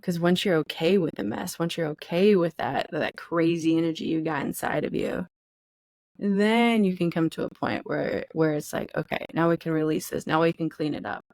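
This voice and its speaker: A woman's voice: sits low, moderate pace, vocal fry, a little mellow, no echo. A woman co-hosting a podcast in casual chat, candid and profane, acting out feelings in quoted voices. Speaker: podcast co-host.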